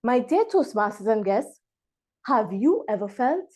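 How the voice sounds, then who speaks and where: A woman from Trinidad and Tobago, giving a prepared speech over a video call and pausing dramatically between words. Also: a little high, sing-song, dark tone. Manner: dramatic pauses, emphatic word-by-word delivery. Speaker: club member giving a speech.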